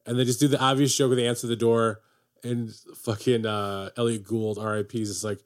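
A man's voice: medium pitch, level tone, a little fast. A man co-hosting a casual podcast, chatting about films in a wry way and swearing casually. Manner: wry, swears casually, acts out movie quotes. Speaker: podcast co-host. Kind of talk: casual movie chat.

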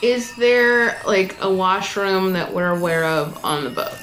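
A woman playing a tabletop role-playing game in a relaxed, joking way. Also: medium pitch, unhurried, slight background noise, rough recording. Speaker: player. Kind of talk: casual tabletop play.

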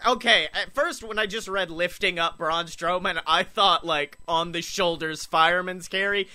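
Young man, casual co-host, bright ringing voice, fairly high, jokey with quick impressions. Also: fairly even intonation. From Alabama, US. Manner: joking, does quick impressions, swears. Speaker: podcast co-host. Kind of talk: casual chat.

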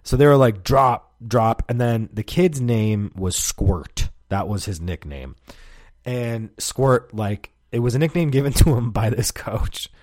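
Close to the mic, this podcast host delivers a casual storytelling monologue that's rambling and profane, broken up by frequent laughter. He speaks at a measured pace in an animated, mid-range, slightly mellow voice with no room sound.

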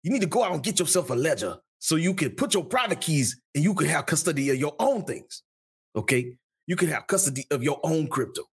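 Comic bit: a man putting on a bossy, swaggering tough guy with a high, pushed-up voice, lecturing the audience. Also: animated, brisk, husky, full character voice. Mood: scolding. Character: tough-talking gruff celebrity man. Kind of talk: comic impression.

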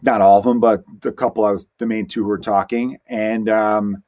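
A man who is a stand-up comedian, hosting his own solo podcast and telling stories in a rambling, animated way with quick asides. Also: on the low side. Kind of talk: casual solo podcast monologue.

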